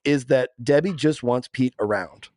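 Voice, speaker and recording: A man co-hosting a podcast, animated and chatty, telling stories with quick asides. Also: medium pitch, dry recording, clean studio sound. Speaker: podcast co-host. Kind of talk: casual chat.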